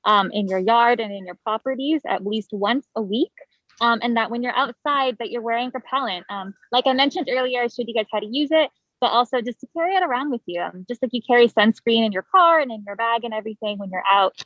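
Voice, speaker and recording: A woman's voice: on the high side, fast talker, a bit bright, no echo, highs cut off. A woman educator recapping advice for residents in a friendly, casual way. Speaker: vector control educator.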